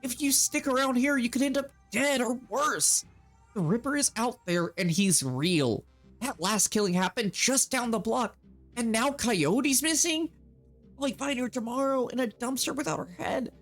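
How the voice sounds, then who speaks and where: A man's voice: very high voice, lively intonation, normal speed, fairly bright tone, faint music behind, voice pushed up, exaggerated voice. A man doing a pleading zealous convert. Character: earnest young man, zealous cult convert. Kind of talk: game text read aloud in character.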